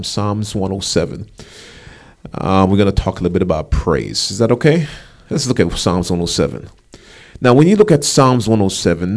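A man's voice: lowish voice, a little mellow. A male pastor leading a congregation in prayer and preaching, with a fervent, rising cadence and call-and-response questions to the listeners. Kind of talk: sermon with prayer.

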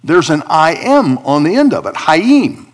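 A man preaching a sermon, swinging between emphatic high points and a quiet confiding tone as he explains Hebrew words from scripture. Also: unhurried. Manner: animated preaching, rising for emphasis, dropping to a confiding hush. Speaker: pastor.

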